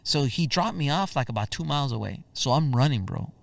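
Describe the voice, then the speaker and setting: A man who is a singer-songwriter, a guest telling lively anecdotes in a casual interview and peppering them with "bro". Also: medium pitch, brisk, creaky, no room sound. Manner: animated anecdotes, keeps saying "bro". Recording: dry voice, far from the mic.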